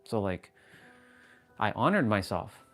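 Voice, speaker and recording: A man's voice: on the low side, big pitch swings, slow pace, a bit bright, faint music behind. A man hosting a fitness livestream, talking casually and frankly about feelings and self-growth, with swearing and many restarts.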